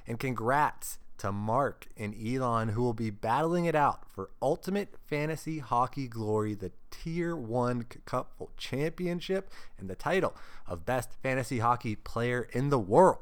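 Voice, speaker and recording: A man's voice: medium pitch, lively intonation, a little slow, clear, resonant tone. A man hosting a solo sports podcast, upbeat and jokey, often laughing mid-sentence. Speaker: podcast host.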